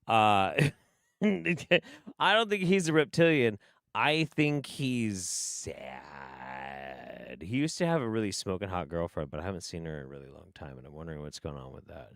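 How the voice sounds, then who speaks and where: Sarcastic, animated man, dry close mic. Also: low voice, a little slow, gravelly, no room sound. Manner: sarcastic, swears a lot, laughs often. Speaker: streamer reacting to clips. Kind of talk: casual profane commentary.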